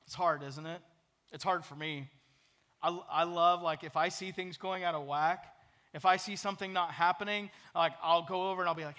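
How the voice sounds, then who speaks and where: A pastor preaching an earnest, conversational sermon with prayerful asides. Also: male voice, sits high, normal speed, pushed and bright.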